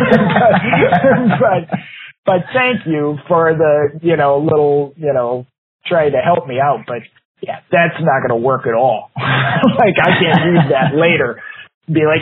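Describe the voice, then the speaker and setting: A man in his fifties tells a rambling story in casual podcast chat, full of fillers and easy laughter. His voice is slightly higher than most men's and a bit husky. The audio is thin and narrow, like a phone line. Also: a little slow, no echo. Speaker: podcast co-host.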